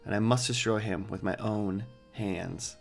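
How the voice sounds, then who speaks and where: A man's voice: fairly low pitch, fairly even intonation, unhurried, vocal fry, soft background music. A man voicing a brooding male warrior bent on revenge, reading game text in a plain voice. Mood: grim. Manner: reads game dialogue in a plain voice.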